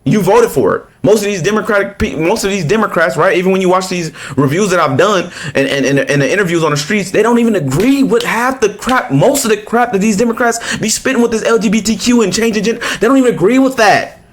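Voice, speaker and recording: A man's voice: high-pitched, fast talker, few pauses. Heated, profane man reacting. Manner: blunt, profane, heated, lots of restarts. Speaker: political commentator reacting to a clip.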